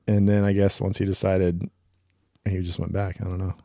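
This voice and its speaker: A man co-hosting a podcast in casual chat, relaxed and trailing off, swearing now and then. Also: low voice, normal speed, creaky, no room sound, clean studio sound. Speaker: podcast co-host.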